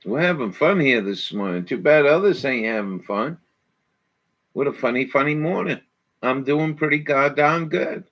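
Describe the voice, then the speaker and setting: A man's voice: medium pitch, animated, moderate pace, a bit bright, muffled recording. A man hosting a morning show, reacting to videos in casual chat with a crude, swearing, folksy way of talking. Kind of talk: casual commentary over videos.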